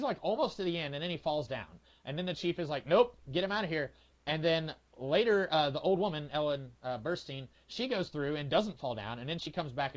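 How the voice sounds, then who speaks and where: A man co-hosting a podcast in casual movie review chat, telling things in a rambling, halting way full of fillers and restarts. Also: on the high side. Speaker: podcast co-host. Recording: lo-fi, dull sound.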